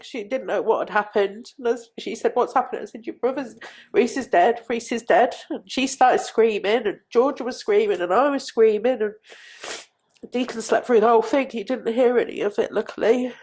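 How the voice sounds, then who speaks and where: A middle-aged woman recounting a painful personal story as a podcast guest, halting and repeating herself. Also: fairly high pitch. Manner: halting, repeats phrases, quiet.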